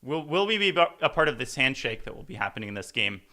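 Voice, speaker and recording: Brief: male chess commentator, very bright voice, playful and rambling. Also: mid-range voice, very animated. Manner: playful, rambling, quick jokes. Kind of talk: casual live commentary.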